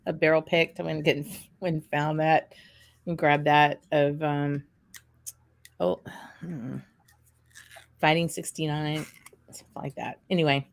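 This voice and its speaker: A woman hosts a casual livestream chat. Her voice sits a little low, and she rambles along with plenty of fillers. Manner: chatty, rambling with many fillers. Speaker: host.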